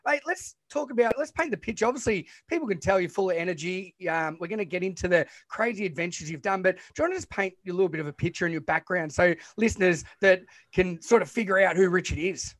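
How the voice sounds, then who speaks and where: A man's voice: high voice, animated, quick pace, few pauses, fairly bright tone. An Australian man hosting a podcast, chatty and matey, laughing along with his guest. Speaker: podcast host. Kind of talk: casual interview chat.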